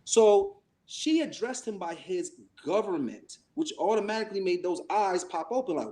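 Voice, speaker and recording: A man on a podcast tells a story in casual chat, and his pitch swings widely as he goes. He acts out each quoted line and curses without holding back. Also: moderate pace, hardly any pauses. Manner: animated, acts out quoted voices, swears freely. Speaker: podcast co-host.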